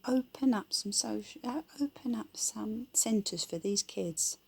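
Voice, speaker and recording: A woman's voice: a little high, measured pace, creaky, darkish tone, husky. A woman giving her blunt, rambling opinions in casual, colloquial talk.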